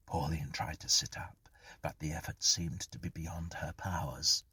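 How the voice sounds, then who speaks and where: A deep-voiced man reading a horror tale with a very husky, breathy texture and frequent half-whispers. He moves slowly and lets his pitch rise and fall expressively, and the sound is close and dry. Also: fairly even intonation, sharp tone. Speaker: storyteller. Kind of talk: scripted horror narration.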